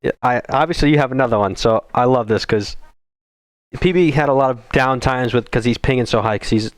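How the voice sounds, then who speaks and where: A mid-pitched man retells esports match moments on a casual podcast. He is animated and swears freely. His voice sits close on a dry microphone. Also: brisk, dry recording. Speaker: esports team co-owner, podcast host.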